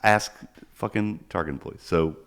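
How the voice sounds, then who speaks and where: Low-voiced crude rambling podcast guy. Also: normal speed, gravelly, fairly bright tone. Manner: crude, rambling, jokey, swears a lot. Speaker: podcast co-host. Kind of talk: casual podcast chat.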